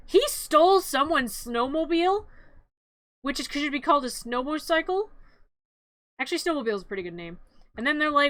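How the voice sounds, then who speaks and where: A woman's voice: sits high, animated, normal speed, pauses often, pushed and bright, dry recording. A woman streamer narrating a cartoon in a playful, rambling, giggly way, often correcting herself.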